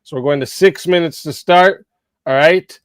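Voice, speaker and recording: A man's voice: fairly high pitch, normal speed, dry recording. A man hosting a live debate stream, casual and talking to chat, saying bro. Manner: casual, says bro a lot.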